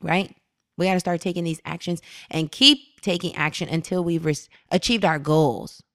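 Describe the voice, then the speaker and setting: A young woman co-hosting a casual spiritual self-help chat, telling stories in an animated, slangy way. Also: lowish voice, normal speed, dry recording, clean studio sound. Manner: animated storyteller, slangy and laughing. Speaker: podcast co-host.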